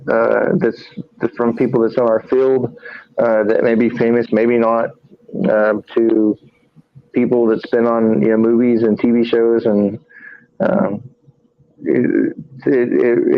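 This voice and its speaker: A low-voiced man chats through a live stream in a flat, sleepy monotone, stumbling over fillers and restarting his sentences. The audio is dry and dull, like a lo-fi stream. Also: dry recording. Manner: halting, many fillers and restarts; monotone, tired from little sleep. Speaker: paranormal investigator and show co-host. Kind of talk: casual live-stream chat.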